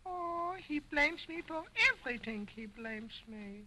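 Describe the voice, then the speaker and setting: A man's voice: expressive, a little slow, crowd noise, rough recording. A man voicing a cheeky, wisecracking male ventriloquist dummy who talks back in slangy, broken grammar, in 1920s early talkie acting. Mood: sassy. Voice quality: high, slangy, mocking. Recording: early sound film with music.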